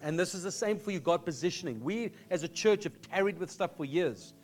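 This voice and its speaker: Male pastor from South Africa, high voice, earnest sermon delivery. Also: lively intonation, fairly quick, over music. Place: church.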